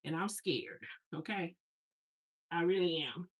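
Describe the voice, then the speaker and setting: A woman's voice: on the low side, measured pace, rough recording. A woman in her thirties, a hair stylist, chatting casually and telling rambling family stories with slangy asides while she unpacks. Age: 30s.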